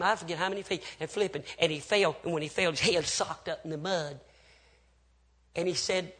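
A preacher with a high voice tells a story from the pulpit. He drops to near whispers, then rises into loud cries as he acts out each person in the tale. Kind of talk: dramatic sermon storytelling.

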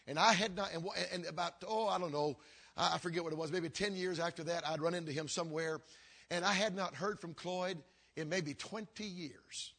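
An older man, a pastor, telling a story in a sermon with earnest, repeating phrases that sink low and quiet. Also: a little fast. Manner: earnest, repetitive preaching cadence that drops low and quiet.

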